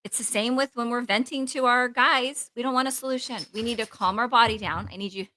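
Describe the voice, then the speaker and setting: A woman therapist co-hosting a casual podcast chat, talking in an animated, rambling way with lots of "like" and acting out her own inner voice. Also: a little high, a little fast, slight background noise, rough recording. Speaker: therapist co-host.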